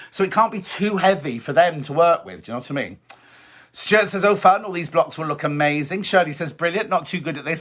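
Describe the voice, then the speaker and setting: Bright upbeat man hosting a live stream. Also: high voice. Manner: chatty, upbeat, repeats points, reads comments aloud. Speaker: sewing show host. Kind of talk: live-stream chat reading viewer comments. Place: home.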